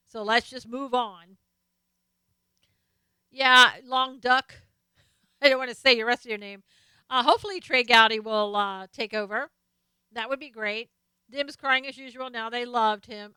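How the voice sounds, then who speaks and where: A woman's voice: high voice, bright, forceful tone, clear, resonant tone, no room sound. A woman hosting a live stream, casually chatting about politics and answering viewer comments as she reads them out. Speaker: live stream host reading chat.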